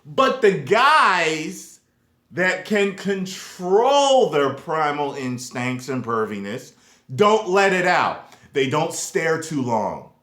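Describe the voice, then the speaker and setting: A young man rants straight to the camera, his pitch leaping all over as he jumps from loud emphasis down to low, mumbled asides. He talks slowly and drags his points out, and the sound rings a little off the walls of the room. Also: very animated. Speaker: YouTube vlogger. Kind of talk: casual rant to camera. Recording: echoey room.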